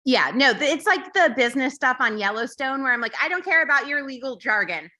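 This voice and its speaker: A woman's voice: sits high, animated, a little fast, pushed and bright. A woman guest on a comedy podcast, chatty and teasing the host. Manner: chatty, teasing, laughs often. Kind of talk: casual podcast chat.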